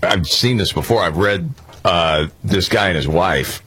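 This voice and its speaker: A man's voice: sits low, measured pace, breathy edge. A man hosting a radio show, chatting casually and telling stories with easy fillers. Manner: relaxed storytelling with fillers.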